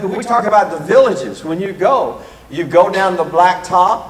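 Male preacher, high voice, animated sermon delivery, echoey hall with long reverb. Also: unhurried. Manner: animated, rising to emphatic peaks on scripture.

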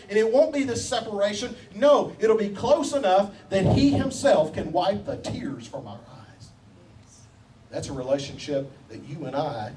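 A high-pitched man preaches a sermon, pressing his point with rhetorical questions and repeated phrases, with a folksy joke now and then. He sounds set back from the mic, with a faint hum of background noise. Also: darkish tone, distant mic, poor audio. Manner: emphatic, rhetorical questions and repetition; folksy humor.

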